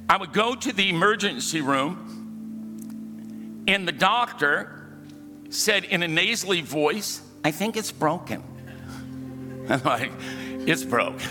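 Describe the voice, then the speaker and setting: Male pastor, high and bright, mid-sermon with call-and-response, reverberant sanctuary, faint band underneath. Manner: calls for congregation responses, storytelling, humorous asides. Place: church sanctuary. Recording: hall reverb with faint music.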